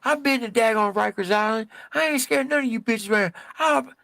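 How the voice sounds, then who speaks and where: A man's voice: very high voice, brisk, creaky, no echo, clean studio sound, pitched above the performer's own voice, full character voice. A man doing a cursing, furious young soldier. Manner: loud, profane, shouting defiance. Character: hot-tempered young male soldier, cursing.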